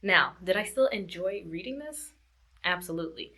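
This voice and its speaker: Woman, book vlogger, casual review chat, repeats herself, laughs a lot, low-pitched, bright and forceful tone. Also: expressive, moderate pace.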